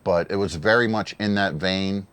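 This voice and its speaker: A man's voice: sits low, moderate pace, fairly bright tone, clean tone. A man giving casual, earnest solo commentary on a wrestling show, emotional and given to repeating himself.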